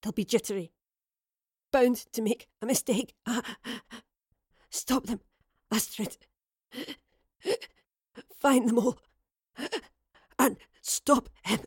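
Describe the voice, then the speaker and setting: A woman voicing a stern female commander who is badly wounded, speaking in a strained, gasping, halting way in an audio drama reading. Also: on the high side, no room sound, studio quality, full character voice. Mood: strained, urgent. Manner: halting, breathy, urgent.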